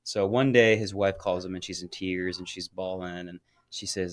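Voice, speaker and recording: A man co-hosting a podcast, telling a crude story in casual chat and getting loud when he quotes people. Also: deep voice, little pitch movement, moderate pace, hardly any pauses, dry recording. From Florida. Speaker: podcast co-host.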